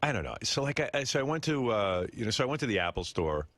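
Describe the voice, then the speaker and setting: A man's voice: mid-range voice, big pitch swings, quick pace, a bit bright, no room sound. A man hosting a radio show, telling a long, rambling, profane story in casual chat from the studio.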